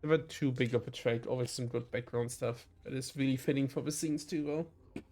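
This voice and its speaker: A man's voice: mid-range voice, fairly even intonation, fairly quick, warm tone. A man with a German accent streaming a game, enthusiastic and self-deprecating, reading text aloud. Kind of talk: let's-play commentary and reading aloud.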